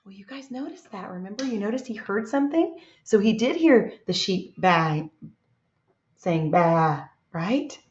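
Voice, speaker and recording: A woman with an expressive, medium-pitched voice and moderate pace takes young kids through a reading lesson, encouraging them with lots of praise. The sound is dull and echoey.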